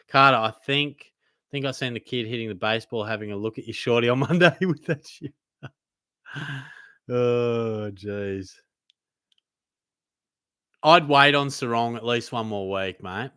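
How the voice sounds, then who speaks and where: A man's voice: mid-range voice, pushed and bright, clean tone, no room sound, clean studio sound. A young man in his twenties with an Australian accent, hosting a live Q&A and reading out chat questions in casual, laid-back banter. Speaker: host.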